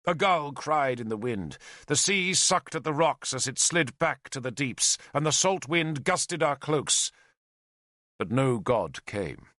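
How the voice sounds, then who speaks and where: A male audiobook narrator telling a historical tale in the first person. His voice sits low but sounds bright and crisp, with lively rises and falls. The recording is dry and close. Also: takes it slowly, no room sound. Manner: lyrical, expressive storytelling.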